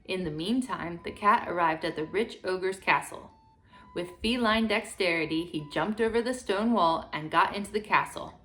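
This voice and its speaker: A woman gently reading a fairy tale aloud to children in a steady storytelling manner. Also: fairly low pitch, normal speed, faint music behind.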